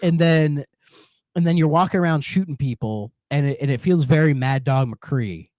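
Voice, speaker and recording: A man co-hosts a podcast, chatting casually and rambling with lots of restarts and filler words. His voice is a little high and a little mellow, at a moderate pace, in clean studio-quality sound with no echo.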